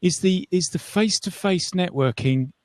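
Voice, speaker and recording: A man's voice: high-pitched, moderate pace, a little mellow, no echo, clean studio sound. A man from England with a southern English accent, a guest chatting casually and modestly on a live video stream. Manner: chatty, self-deprecating, laughs easily. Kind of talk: casual video-call chat. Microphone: big desk mic on video call.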